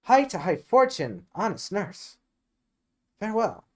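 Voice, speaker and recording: An eager, impatient young girl in love, pleading in a raised voice, as a man puts her on. She speaks slowly in an amateur reading of a Shakespeare play. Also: sits high, big pitch swings, pitched above the performer's own voice.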